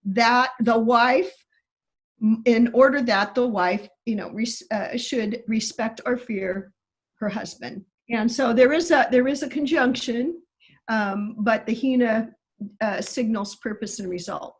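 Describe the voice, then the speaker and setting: A woman's voice: on the high side, a little slow, slightly rough, low-quality recording. A woman guest on a podcast, explaining Greek grammar precisely and stressing key words.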